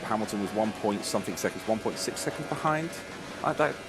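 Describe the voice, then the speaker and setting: A man's voice: on the low side, animated, quick pace, over music. A man co-hosting a podcast, talking casually and working through his opinion aloud. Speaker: podcast co-host. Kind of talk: casual chat. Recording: background noise.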